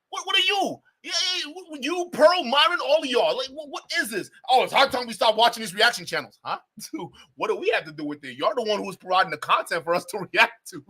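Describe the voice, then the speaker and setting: Man, livestream reaction host, high voice, bright tone, mocking, laughs a lot. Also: breathy edge. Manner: animated, laughing, mocking, talks to chat.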